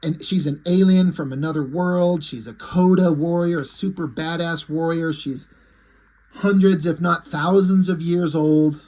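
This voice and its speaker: A man's voice: fairly high pitch, fairly even intonation, measured pace, dark tone, poor audio. A man reviewing comics in a casual vlog, enthusiastic, profane and rambling.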